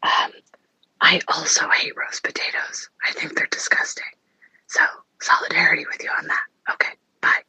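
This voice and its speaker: A woman from North Carolina whispers a secretive voice message. The whisper is bright and sharp, with a dry, close sound. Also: normal speed, dry recording, poor audio. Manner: whispering, conspiratorial. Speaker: caller.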